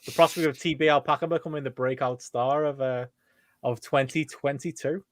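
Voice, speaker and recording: Quick-talking man co-host. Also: medium pitch, fairly even intonation, no echo. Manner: quick and chatty, reading listener questions. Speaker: podcast co-host. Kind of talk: casual podcast chat.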